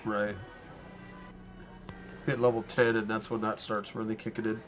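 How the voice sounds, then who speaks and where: A man chatting casually with friends in a gaming voice chat, easygoing and quick with asides. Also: lowish voice, level tone, faint music behind. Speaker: gamer in voice chat.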